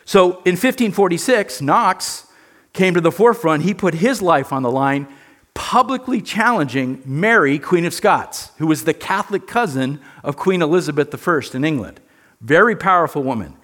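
A man's voice: on the high side, lively intonation, moderate pace, a bit bright. A man teaching a church history lesson in an earnest, emphatic way, often repeating words.

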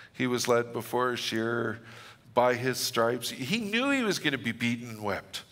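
A man's voice: mid-range voice, bright, forceful tone, long reverb tail. A middle-aged man preaching a sermon, telling stories with humor and reading scripture dramatically. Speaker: pastor.

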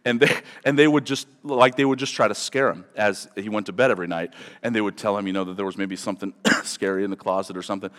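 A man's voice: lowish voice, steady tone, fast, a bit bright. A male pastor delivering a sermon in a conversational, digressive way with dramatic emphasis. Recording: long reverb of a large hall.

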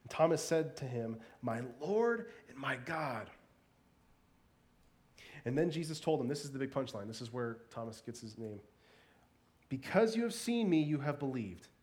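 A man giving a sermon in a conversational, animated way, with playful asides and frequent repeated words. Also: medium pitch, normal speed. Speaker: pastor.

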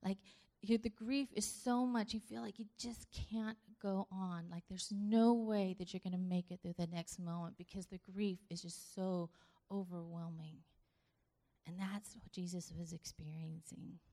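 A woman preaching a sermon in a casual, earnest way, sometimes dropping to a hush and sometimes pressing hard for emphasis. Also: lowish voice, fairly even intonation, a little slow. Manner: conversational, earnest, swings between hushed and emphatic.

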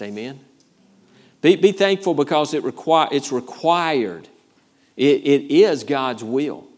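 A male pastor delivers a sermon. He leans hard on key phrases, repeats them for weight, and checks in with the congregation with an "Amen?" now and then. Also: medium pitch. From Georgia, USA. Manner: emphatic preaching with repeated phrases and calls of "Amen?".

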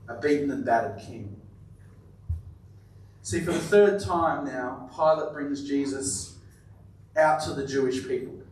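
A man's voice: mid-range voice, measured pace, pauses often. Male preacher, sermon, emphatic delivery, heavy room echo, distant mic. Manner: emphatic, repeats words, drops to quiet emphasis.

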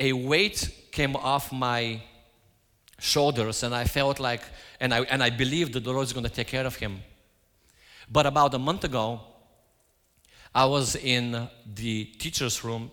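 A man's voice: mid-range voice, bright, forceful tone. A man giving a sermon, telling stories and acting out his own quoted lines. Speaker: preacher. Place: church. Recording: hall reverb.

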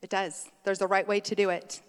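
A middle-aged woman delivers a sermon in a relaxed, chatty way, laughing easily and wandering onto tangents. Her voice sits at an ordinary pitch for a woman. The sound rings out with a long hall reverb, as in a church sanctuary. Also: brisk, clear, resonant tone. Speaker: preacher. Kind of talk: conversational sermon.

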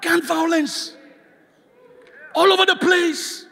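A guest preacher shouts passionate calls for the congregation to respond, captured in a church sanctuary with a large-hall sound and a noisy background. He speaks slowly in a very high, level voice with vocal fry.

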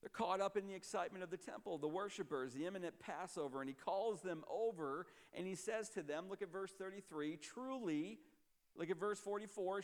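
A man preaching a sermon as a pastor, emphatic and explanatory, often dropping to a low, quiet voice. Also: long reverb tail.

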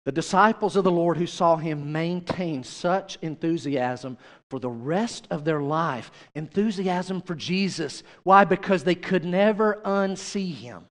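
A man's voice: on the high side, a little slow, a bit bright, big-room sound. A male pastor preaching a sermon, chatty and direct, often turning to the congregation with questions.

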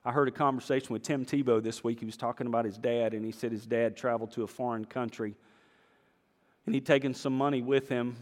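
Male pastor, mid pitch, animated sermon storytelling, church hall echo. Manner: animated storytelling, acting out voices, swings from hushed to loud. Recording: long reverb of a large hall.

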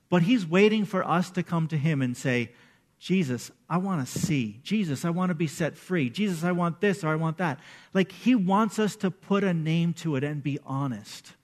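Guy preaching a sermon, pretty high voice, chatty and animated, does little voices for the quotes. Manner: conversational, animated, acts out quotes. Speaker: pastor.

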